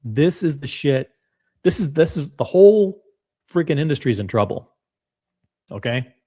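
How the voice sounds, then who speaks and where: Blunt, animated man reacting. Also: a little high, normal speed. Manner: animated, rambling, blunt and profane. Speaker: watch channel host reacting to clips. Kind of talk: casual reaction commentary.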